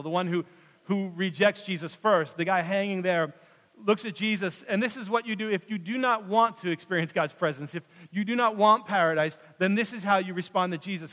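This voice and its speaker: Male preacher with a high voice, sermon delivery that rises to emphasis and falls to a hush, long church reverb. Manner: swings between loud emphatic passages and hushed, slow drops. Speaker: pastor. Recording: long reverb of a large hall.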